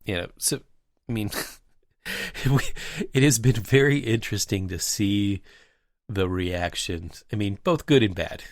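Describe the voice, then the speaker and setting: A man with a very low voice tells a casual, wandering anecdote, full of "you know" and "um." The sound is dry with no room echo. It sounds like relaxed podcast chatter between colleagues. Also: unhurried. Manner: rambling anecdotal storyteller, many fillers. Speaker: podcast host. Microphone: remote call mic.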